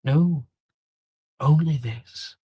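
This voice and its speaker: A man's voice: fairly high pitch, very slow, mellow, slightly rough, no room sound, clean studio sound, heavily acted. A man voicing a stern male professor who preaches about rebirth, in a solemn, commanding way. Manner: commanding, solemn sermon-like delivery.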